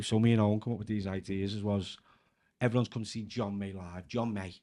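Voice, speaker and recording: A man's voice: fairly low pitch, fairly even intonation, a little fast, warm tone. Chatty Scouse man telling stories. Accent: Scouse (Liverpool). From Liverpool, England. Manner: chatty, breaks into laughter, leans on filler "like". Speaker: guest comedian and actor. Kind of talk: casual anecdotal storytelling.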